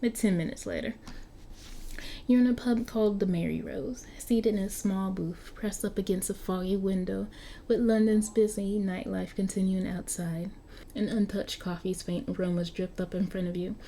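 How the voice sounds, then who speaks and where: A woman's voice: mid-range voice, steady tone, moderate pace, mellow, a little hiss or hum. A woman reading an interactive story aloud, often stumbling and restarting over words, with chatty asides to her viewers. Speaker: story narrator.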